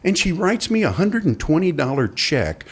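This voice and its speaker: Animated male storyteller with lively pitch. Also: normal speed, husky. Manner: animated, acts out quoted voices. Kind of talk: live storytelling.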